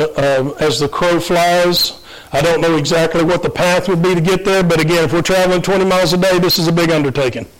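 A man's voice: on the high side, low-quality recording. A man preaching an informal sermon, retelling a Bible story in a casual, conversational way with frequent fillers and restarts.

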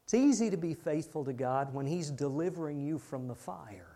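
A man's voice: a little high, animated, normal speed, dark tone. A man preaching a sermon in a conversational way, firing rhetorical questions at the congregation.

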